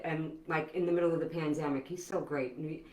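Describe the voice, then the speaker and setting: A woman's voice: deep voice, fairly even intonation, a little fast, darkish tone. New York woman, rambling in an echoey room. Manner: rambling, trails off, self-mocking. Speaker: guest. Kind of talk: casual live-stream chat.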